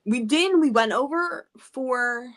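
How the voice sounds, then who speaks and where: A woman's voice: high voice, animated, slow pace. Hesitant woman co-hosting a book chat. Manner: hesitant, trailing off, laughing easily. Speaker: book club co-host. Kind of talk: casual livestream chat.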